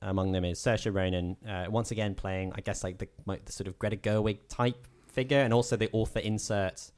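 A man's voice: lowish voice, fairly even intonation, brisk, darkish tone, clear, resonant tone. A man co-hosting a casual film-review podcast, riffing jokily with frequent laughs and casual swearing. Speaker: podcast co-host.

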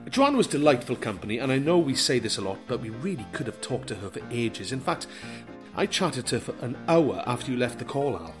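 A man's voice: mid-range voice, big pitch swings, fairly quick, music in the background. A man co-hosting a podcast, chatting with a guest and wrapping up the show over a call. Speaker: podcast co-host. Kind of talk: casual podcast chat.

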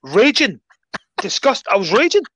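Scottish man telling animated stories. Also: high-pitched, normal speed, breathy edge, dry recording. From Scotland. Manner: animated storyteller, repeats phrases for emphasis. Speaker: guest. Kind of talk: casual chat.

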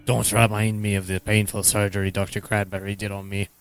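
A man voicing a weary, bird-legged brother who works in a mine and talks in a grim, hushed, urgent way. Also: on the low side, flat delivery, fairly quick, clear, resonant tone, soft background music, natural voice.

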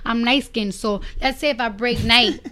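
A woman's voice: a little high, moderate pace. A woman in her twenties with a Bronx New York accent, a guest talking bluntly and profanely in a casual interview. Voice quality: blunt and profane, animated storytelling. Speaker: guest rapper.

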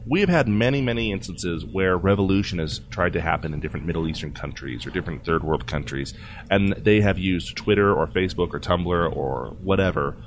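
A man hosting a casual tech news podcast, jokey and quick to laugh as he runs through the stories. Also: low-pitched, slight background noise. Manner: jokey, animated, laughs often. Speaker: podcast host.

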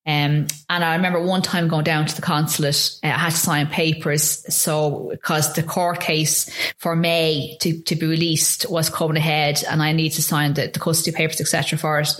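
A woman's voice: deep voice, level tone, normal speed, few pauses. A woman, an interview guest telling a personal story in earnest, vivid detail with some hesitations. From Ireland.

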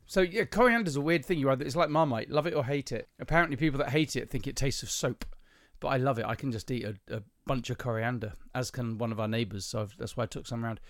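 A man's voice: mid-range voice, fast, hardly any pauses, dry recording, clean studio sound. A man from southern England co-hosting a podcast, chatty and teasing, rambling through stories. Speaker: podcast co-host. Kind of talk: casual chat.

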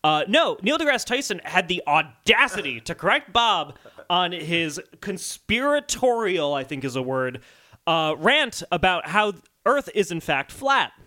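A man hosts a casual comedy podcast in a high, bright voice. His pitch jumps around as he jokes and laughs through the chat. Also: measured pace. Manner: joking, animated, laughs often. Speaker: podcast host.

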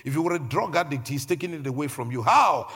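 A man's voice: on the high side, animated, fast, fairly bright tone, slightly rough, soft background music. A male pastor preaching a sermon. He repeats phrases and builds emphasis as he preaches. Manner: preaching with repetition and rising emphasis.

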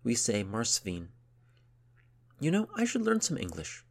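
A man's voice: medium pitch, wildly swooping pitch, a little slow, gravelly, voice pushed up, full character voice. A man voicing a bold, curious young girl sailor who repeats new words carefully.

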